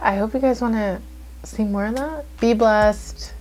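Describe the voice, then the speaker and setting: A woman's voice: on the high side, a little slow, a little mellow, soft background music. A woman YouTuber talking to her viewers in a heartfelt vlog, earnest and reflective, a little emotional, with many casual "like" fillers.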